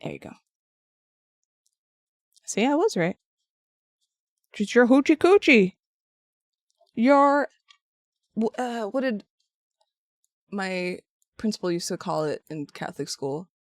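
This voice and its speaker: A woman's voice: medium pitch, expressive, measured pace, pauses often, dry recording, clean studio sound. A woman streaming as she sculpts and paints, chatting casually and answering her viewers. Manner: chatty and rambling, answering chat with frequent restarts. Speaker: craft streamer.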